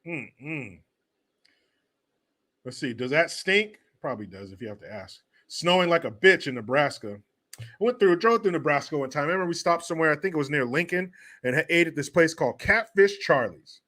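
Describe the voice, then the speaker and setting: A man's voice: on the high side, lively intonation, a little fast, sharp tone. A man hosting a casual livestream, joking and swearing as he reads and answers viewer comments. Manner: profane, joking, reads chat aloud. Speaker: host.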